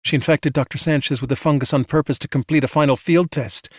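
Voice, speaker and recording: A man's voice: a little high, fairly even intonation, fast, breathy edge, no echo, clean studio sound, pitched above the performer's own voice. A man voicing a tough, wary woman soldier who gives clipped orders. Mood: tense.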